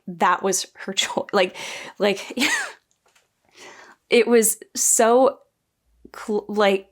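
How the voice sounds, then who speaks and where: A woman giving a casual spoken review, chatty and animated, often acting out quoted lines with small laughs. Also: mid-range voice. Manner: frequent restarts and small laughs. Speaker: book and TV reviewer.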